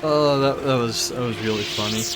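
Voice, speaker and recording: A man's voice: mid-range voice, fairly quick, loud music behind the voice. A man streaming a game who chats casually, laughs often and talks to his viewers. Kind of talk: casual live-stream chat.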